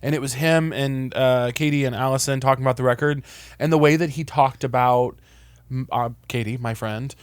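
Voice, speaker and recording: An animated young man from Missouri tells stories in a relaxed podcast chat, laughing often and swearing here and there. The close mic is dry, with no room sound. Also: medium pitch, normal speed, clear, resonant tone, dry recording. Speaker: podcast host. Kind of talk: casual chat.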